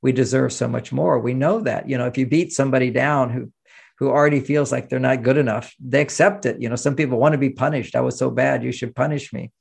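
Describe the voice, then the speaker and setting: A man's voice: mid-range voice, fast talker, gravelly, husky. An older man, speaking as an interview guest and telling stories with acted-out quoted voices. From United States. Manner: animated storyteller, acts out quoted voices. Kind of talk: interview conversation.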